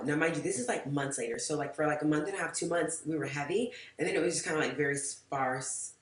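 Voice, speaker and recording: A woman's voice: deep voice, quick pace, hardly any pauses, a little hiss or hum. Woman, storytime vlog, rambling and candid, swears a lot, echoey room, sits back from the mic. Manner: rambling, frank, peppered with swearing and "like". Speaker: vlogger. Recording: roomy echo, mic far off.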